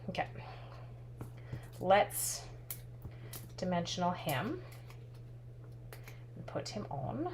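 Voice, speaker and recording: Her voice sits on the low side, and she takes it slowly, pausing often. Steady background noise with clicks accompanies this craft instructor as she hosts a live stamping demo, upbeat and chatty, musing aloud and responding to viewer comments.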